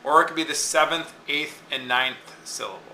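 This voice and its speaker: A man's voice: fairly high pitch, fairly even intonation, fairly quick, bright, forceful tone, echoey room, a little hiss or hum, rough recording. A man teaching a lesson, explaining step by step and often checking in with "okay?". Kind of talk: classroom lecture on poetic meter.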